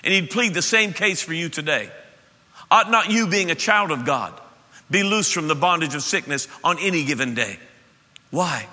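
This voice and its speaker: A middle-aged male pastor preaches with impassioned emphasis, his voice a little high and very bright. The sound rings with the long reverb of a church hall. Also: animated, moderate pace. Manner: impassioned, emphatic preaching that swings from loud to soft. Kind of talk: sermon. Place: church sanctuary.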